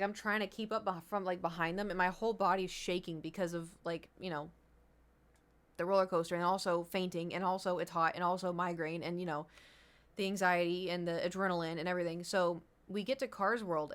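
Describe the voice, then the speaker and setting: A young woman streamer casually telling a long story to her chat, acting out what her friends said, rambling and restarting. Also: fairly low pitch. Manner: animated, acts out quotes of friends, rambling with restarts.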